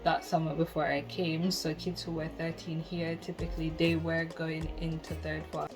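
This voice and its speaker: A woman's voice: low-pitched, little pitch movement, moderate pace, poor audio. A young woman in her twenties with a Jamaican accent, telling a candid, exasperated story in casual chat and slipping into patois. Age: 20s. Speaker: vlogger. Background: soft background music.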